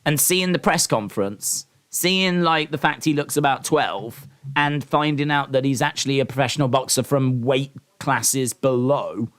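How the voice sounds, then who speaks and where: A man's voice: medium pitch, moderate pace, a bit bright. A man hosting a casual live stream, talking in a rambling, opinionated way with lots of ums and restarts. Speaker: live-stream host reacting to wrestling and boxing.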